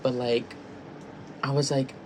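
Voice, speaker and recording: A man's voice: mid-range voice, flat delivery, takes it slowly, a little hiss or hum, poor audio. A young man telling a personal story vlog-style, rambling with lots of fillers and restarts. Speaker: vlogger. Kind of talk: casual storytime.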